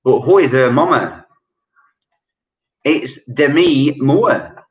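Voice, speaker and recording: Man hosting a quiz, unhurried and jokey, echoey room at home. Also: medium pitch, expressive, lo-fi sound. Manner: chatty, joking, reads questions slowly and repeats them. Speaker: quiz host. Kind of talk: online pub quiz hosting.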